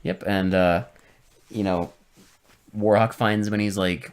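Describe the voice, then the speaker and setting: A man co-hosting a podcast in casual chat, animated and finishing his co-host's sentences. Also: fairly low pitch, unhurried, pauses often, clean tone. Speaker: podcast co-host.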